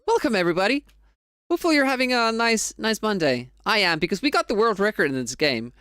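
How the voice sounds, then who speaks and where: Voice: medium pitch, big pitch swings, fast, pushed and bright, smooth, no echo, studio quality. A streamer from Finland with a Finnish accent and Finnish as a first language, chatting casually with viewers on a live speedrun stream, rambling and laughing often.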